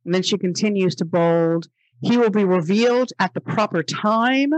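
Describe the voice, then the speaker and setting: A woman's voice: medium pitch, normal speed, a little mellow, no room sound, muffled recording. A woman hosting a religious commentary podcast, reading passages aloud and rebutting them in an emphatic, exasperated way, repeating phrases for stress. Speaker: podcast host.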